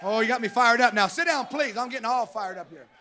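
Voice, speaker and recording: A man's voice: extremely high pitch, quick pace, some chatter behind. A male pastor preaching a fired-up, joking church sermon and calling for amens. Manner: shouting, joking, calls for amens. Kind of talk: energetic sermon.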